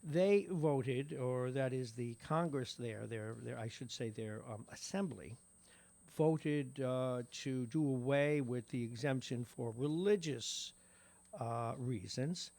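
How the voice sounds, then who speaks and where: Gravelly radio news host, New York accent. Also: male voice, medium pitch, takes it slowly, a little mellow, dry recording. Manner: wry asides between news items. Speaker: radio morning show host. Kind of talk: reading local news with side commentary. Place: radio studio.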